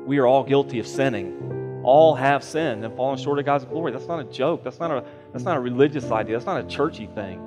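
A man's voice: mid-range voice, a little fast, big-room sound, music in the background. A man preaching a sermon as pastor, earnest and emphatic, repeating phrases for weight. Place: church sanctuary.

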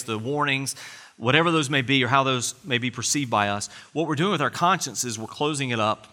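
A man's voice: medium pitch, pushed and bright, long reverb tail. A man preaching a sermon as a pastor, earnest and conversational, asking his listeners rhetorical questions.

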